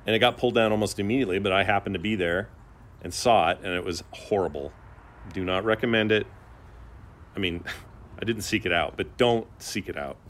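A middle-aged man co-hosting a podcast, telling stories in a chatty, animated way. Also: lowish voice, brisk. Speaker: podcast co-host. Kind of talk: casual chat.

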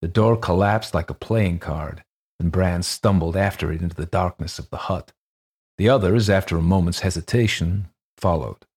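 Deep husky-voiced male story narrator. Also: moderate pace, a little mellow. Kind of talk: audiobook reading of a ghost story.

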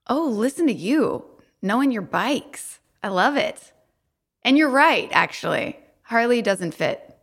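A woman's voice: a little high, very animated, a little slow. A woman co-hosting a podcast in casual chat, bubbly and giggly. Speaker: podcast co-host.

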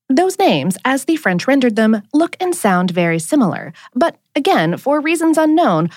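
A woman hosting an explainer podcast, reading a script with a wry, lively delivery. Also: fairly high pitch, no room sound, studio quality. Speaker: podcast host.

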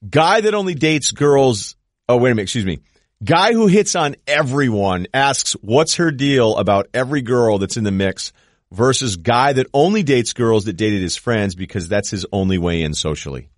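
A middle-aged man co-hosting a casual comedy podcast, animated and sarcastic, slipping into put-on voices for jokes. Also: medium pitch, moderate pace, dry recording, studio quality. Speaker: podcast co-host.

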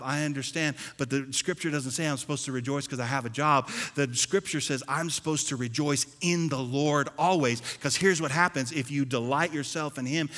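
A man preaching a sermon as pastor, animated, swinging between loud and soft and acting out churchgoers. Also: medium pitch. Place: church sanctuary. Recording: long hall reverb.

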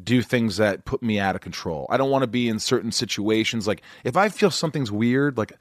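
A man with a New York accent, talking loudly and in a rambling, self-interrupting way as host of a casual conversation. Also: lowish voice, lively intonation, brisk, no echo, studio quality.

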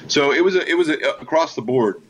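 A man's voice: on the high side, animated, fast, highs cut off, slight background noise. A man being interviewed as a filmmaker guest, telling anecdotes in an enthusiastic, casual storytelling way.

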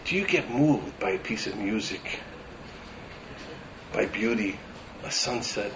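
A man delivering a sermon as a rabbi, animated and building to emphatic lists. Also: on the low side, takes it slowly, dull audio, slight background noise.

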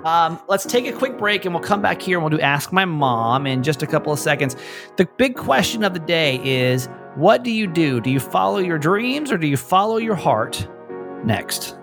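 A man's voice: on the high side, sing-song, moderate pace, gravelly, over music. A man hosting a podcast, talking with a light Southern American accent in a rambling, self-interrupting way, often chuckling. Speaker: podcast host. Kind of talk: casual podcast chat.

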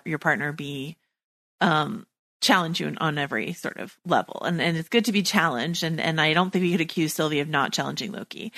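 A woman's voice: sits low, a bit bright, no room sound. A woman hosting a podcast, talking eagerly and chattily with many fillers. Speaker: podcast host. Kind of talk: casual podcast interview.

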